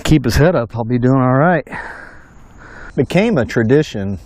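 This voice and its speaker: Excitable middle-aged fisherman whooping outdoors. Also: mid-range voice, moderate pace. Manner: excitable, whooping, folksy storytelling. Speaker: fishing vlogger. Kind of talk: casual fishing commentary. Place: outdoors on a bridge at night.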